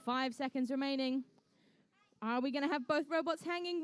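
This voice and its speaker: Loud music plays behind a young woman's high-pitched voice as she emcees a live competition at an indoor conference venue. Speaking at normal speed, she calls the action while chatting and joking with the teams.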